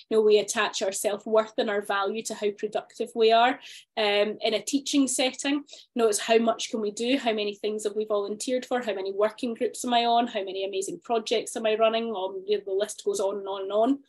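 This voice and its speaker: A woman in her thirties co-hosting a podcast, thinking out loud in a relaxed, chatty way. Her voice sits a little on the high side. She often restarts her sentences and fills gaps with little ums and likes. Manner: reflective, chatty with frequent fillers and restarts. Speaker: podcast co-host. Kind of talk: casual chat.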